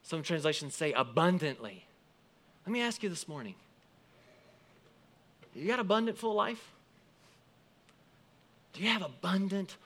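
A man preaching a sermon, quoting scripture and explaining it with lively emphasis that rises and falls. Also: medium pitch. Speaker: pastor.

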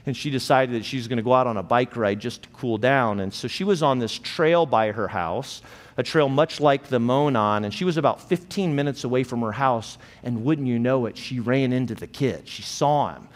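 A male pastor delivers an earnest, measured sermon with a mid-range voice. His words hang in the long reverb of a church sanctuary. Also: medium pitch. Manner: earnest, measured, slows for emphasis.

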